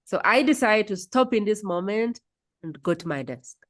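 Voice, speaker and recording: A woman's voice: medium pitch, animated, normal speed. A woman with a Ugandan accent hosting a podcast, musing aloud and often humming in agreement. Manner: thoughtful, musing aloud, frequent hums of agreement. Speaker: podcast host. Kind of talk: reflective interview conversation.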